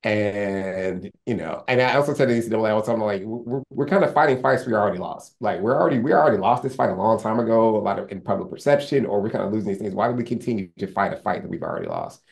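A man's voice: on the low side, sing-song, quick pace, vocal fry, few pauses, darkish tone. A man speaking as a lawyer guest in a candid interview, earnest and rambling, with many restarts and fillers.

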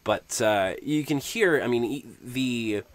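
A man's voice: medium pitch, slow. A man, a game master, explaining tabletop tips in a conversational tutorial, thinking aloud with frequent restarts and hesitations.

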